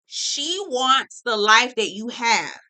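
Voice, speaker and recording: Woman, reality show recap host, sassy, profane, animated, bright forceful tone, fairly high voice. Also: takes it slowly. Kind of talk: casual episode recap.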